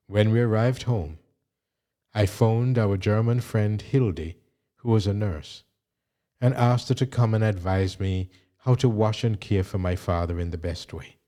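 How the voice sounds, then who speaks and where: A man reading a memoir aloud in a measured, even narration. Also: on the low side. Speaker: audiobook reader.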